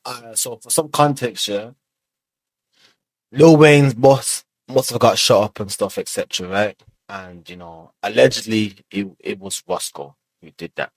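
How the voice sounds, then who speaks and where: A man hosts a reaction video, talking loosely with lots of fillers and swearing. His voice sits a bit low. The sound is close and dry. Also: a little slow, no echo. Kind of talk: casual commentary.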